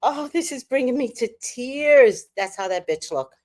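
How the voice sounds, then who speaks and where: A woman's voice: a little high, lively intonation, moderate pace. A woman hosting a casual late-night livestream, talking profanely, laughing often and reading viewer comments aloud. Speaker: livestream host.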